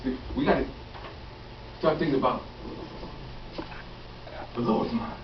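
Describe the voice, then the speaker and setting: A man's voice: a little high, animated, measured pace, noisy background. A man preaching a folksy call-and-response sermon, repeating phrases and acting out quotes. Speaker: pastor. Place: church sanctuary. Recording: echoey distant lo-fi church recording.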